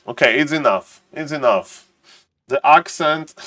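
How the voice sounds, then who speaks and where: A young man streaming and commenting on a strategy game replay, excitable, talking to chat in non-native English and tripping over words. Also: medium pitch, normal speed. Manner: excitable, talks to chat, keeps saying "ladies and gentlemen".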